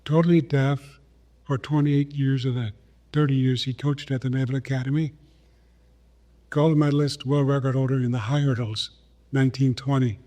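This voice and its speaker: Mellow-voiced older man telling stories. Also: medium pitch, fairly even intonation. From South Dakota, USA. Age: 80s. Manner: unhurried, acts out remembered dialogue. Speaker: guest, retired Olympic runner. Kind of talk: storytelling conversation.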